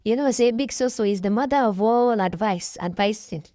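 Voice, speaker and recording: Nigerian woman, a little high-pitched, stuffy with a cold, gossipy reaction-vlog chatter, dry close sound. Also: normal speed, dark tone, dry recording. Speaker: reaction vlogger. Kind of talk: casual reality-show commentary.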